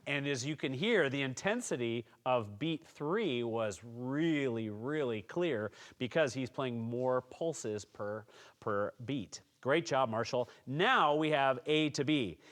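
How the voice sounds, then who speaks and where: A man talking through a snare drum tutorial at a steady, mid-range pitch. He explains each point calmly and patiently, encouraging students as he goes. It sounds like a plain teaching session. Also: takes it slowly. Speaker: music teacher. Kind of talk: instructional tutorial.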